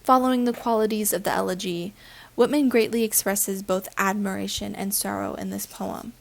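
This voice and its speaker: A woman's voice: mid-range voice, steady tone, normal speed, creaky. A woman reading a prepared lesson on poetry aloud, evenly and carefully. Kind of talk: read-aloud literature lesson.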